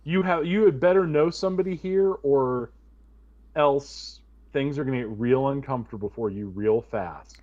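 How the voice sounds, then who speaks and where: A man's voice: medium pitch, normal speed, narrow, tinny audio, natural voice. A man voicing a prim, stern vampire woman who speaks curtly and with a threat. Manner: curt, threatening.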